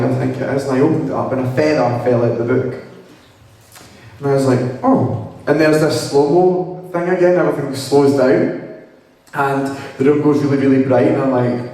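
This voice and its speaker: Young male storyteller, humorous and lively, heard from far off in a reverberant hall. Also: medium pitch. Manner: lively, humorous, acts out quoted dialogue. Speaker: speaker telling his story to an audience. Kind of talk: storytelling talk. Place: hall with audience.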